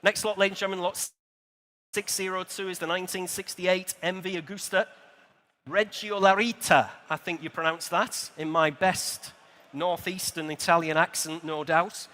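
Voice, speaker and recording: A bright, high-voiced auctioneer works a motor show sale room, his pitch moving little as he calls bids in a quick, rhythmic patter. He adds friendly remarks to bidders, and the big exhibition hall gives his voice a long echo.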